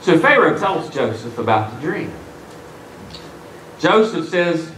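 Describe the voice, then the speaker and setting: A male pastor preaching a sermon, telling the story with lively, joking character voices. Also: fairly high pitch, measured pace, pauses often, a little hiss or hum. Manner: animated storytelling, acting out the characters with jokes. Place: church sanctuary. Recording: echoey hall, mic from a distance.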